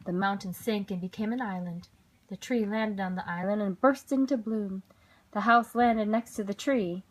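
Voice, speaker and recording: A mother reading children's stories aloud at bedtime, gentle and expressive, with a rhythmic delivery. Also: mid-range voice, moderate pace, a little hiss or hum.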